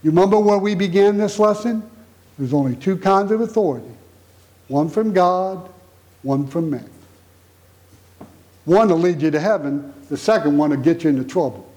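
A man's voice: high voice, expressive, moderate pace, pauses often, mellow. A middle-aged man preaching a sermon, emphatic and fond of repeated rhetorical questions.

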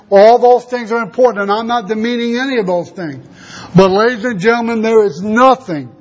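A man in his sixties preaching a sermon to fathers, earnest and slowing down to stress key words. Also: high-pitched, highs cut off. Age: 60s. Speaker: pastor.

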